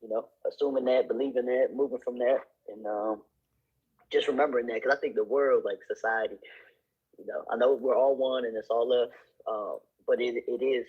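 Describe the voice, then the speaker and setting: A man in his thirties rambles through his thoughts in a casual group chat, repeating himself and using many fillers. His voice is very husky and mid-pitched, and the recording sounds dull and muffled. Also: fairly even intonation, moderate pace. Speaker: group participant.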